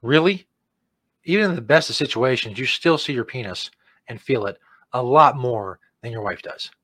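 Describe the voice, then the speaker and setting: A man hosting a comedy show, mocking a commercial with crude jokes and loud put-on outbursts. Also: mid-range voice, normal speed, husky, no room sound. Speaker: comedy host reacting to an ad.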